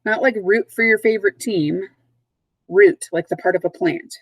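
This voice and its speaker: At a middle pitch, a patient woman teacher leads a recorded vocabulary lesson, speaking clearly and repeating each word slowly. The sound is close and dry with no room sound at all, the audio quality is poor, and she is at home with dogs nearby.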